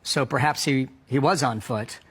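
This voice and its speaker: A man's voice: mid-range voice, moderate pace, slightly rough. A man delivering a news report as anchor, briefing his co-anchor point by point.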